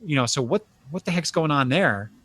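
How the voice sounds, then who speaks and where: A man's voice: fairly high pitch, expressive, brisk, a bit bright. An older man hosting a podcast, recapping comic book scenes in a casual chat with frequent restarts and fillers. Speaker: podcast host.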